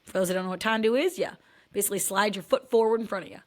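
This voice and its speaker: A woman's voice: mid-range voice, racing. A woman, a dance mom, telling comic stories about her life in a candid, wry, self-mocking way that swears freely. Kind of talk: comedic personal storytelling.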